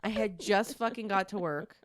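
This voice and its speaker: A young adult woman co-hosting a podcast in casual chat, animated and laughing often, swearing freely. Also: mid-range voice, normal speed. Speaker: podcast co-host.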